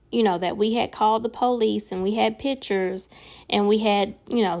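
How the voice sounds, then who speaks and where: A woman, telling a casual storytime vlog in an animated, profane way with lots of fillers. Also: medium pitch. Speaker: nail and craft vlogger.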